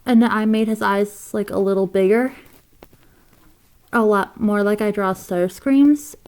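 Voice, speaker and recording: A woman giving a casual drawing tutorial, rambling with fillers and soft asides. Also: medium pitch, steady tone, unhurried, smooth.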